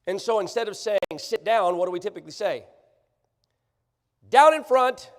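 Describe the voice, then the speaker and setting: A man preaching a sermon, sarcastic and animated, often checking that the congregation follows him. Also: sits high, fast talker. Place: church sanctuary. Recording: church livestream, long hall reverb.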